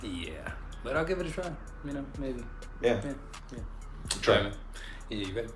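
A man's voice: medium pitch, very animated, brisk, roomy sound, over music. A man hosting a reaction video, chatting casually in a laid-back, mumbling way.

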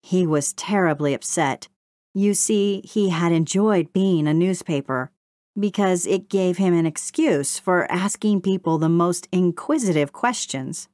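A woman narrating a children's storybook in a steady, gentle read-aloud manner. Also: on the low side, unhurried, no echo, clean studio sound. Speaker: audiobook narrator.

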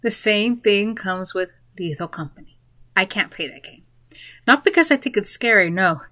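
A woman's voice: mid-range voice, expressive, moderate pace, pushed and bright, dry recording. A woman in a casual spoken monologue, rambling a little and breaking into giggles mid-sentence. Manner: rambling, with fillers and restarts. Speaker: vlogger.

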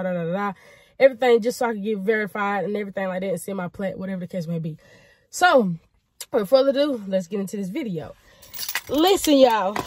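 A young woman vlogging from a car, talking chattily and excitedly to her viewers and saying "y'all" a lot. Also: fairly high pitch. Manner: chatty, repeats "y'all" often, excited and grateful. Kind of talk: casual chat to the camera.

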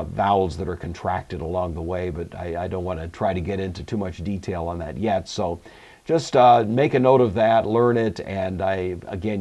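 A man giving an unhurried recorded lecture on Greek grammar, explaining step by step with frequent pauses and fillers. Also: low voice, a little mellow. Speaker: Greek teacher.

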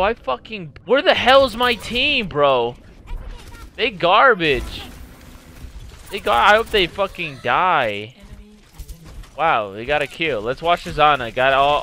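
Bright, excitable young man gaming. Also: fairly high pitch. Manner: excitable, swearing, trash-talking. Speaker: gaming YouTuber. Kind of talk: gameplay commentary.

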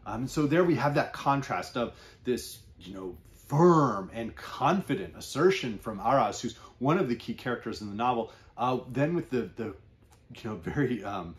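A man's voice: mid-range voice, animated, normal speed. A man reviewing a novel, talking hesitantly with many fillers and reading long passages aloud. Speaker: book reviewer. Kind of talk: book discussion with read-aloud passages.

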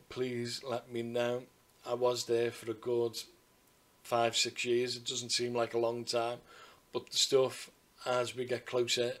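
A man telling a personal story to camera in a rambling, chatty way, full of asides and restarts. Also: mid-range voice. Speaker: vlogger.

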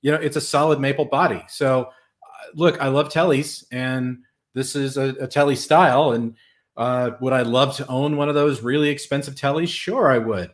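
Male host, relaxed gear-talk chat, hesitant "uh"s throughout. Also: medium pitch, moderate pace. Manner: easygoing, with frequent hesitations. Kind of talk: casual chat.

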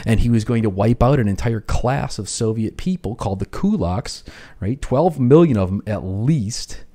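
Guy doing educational commentary on an old film, lowish mellow voice, chatty and explaining, lots of "right?". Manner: explanatory, casual, frequent "you know" and "right?".

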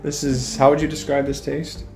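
A man's voice: mid-range voice, flat delivery, moderate pace, creaky, over music, poor audio. A man hosting a casual vlog, talking in a wry, playful, teasing way. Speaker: vlog host. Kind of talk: casual joking vlog narration.

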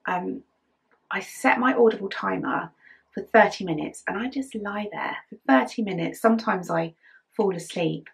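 A tired-sounding middle-aged English woman rambles through her knitting podcast at a moderate pace, full of fillers and giggles. Her medium-pitched voice is husky with vocal fry, and the whole thing is a chatty, casual conversation.

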